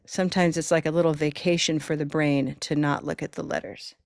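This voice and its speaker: A woman leads a live pronunciation class over a video call, cheering her learners on and drawing words out slowly so they can hear each sound. Her voice sits a little low and reaches the mic dry, with almost no room sound. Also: little pitch movement, creaky, darkish tone, no echo. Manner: encouraging, stretches words slowly to demonstrate sounds. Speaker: pronunciation teacher.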